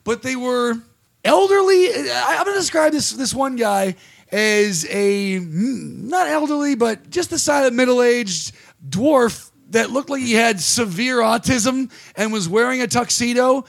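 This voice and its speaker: A man's voice: very high-pitched, lively intonation, measured pace, gravelly. A man hosting a podcast, telling a rambling, profane, self-deprecating story about a bad comedy gig in casual chat. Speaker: podcast host and stand-up comic.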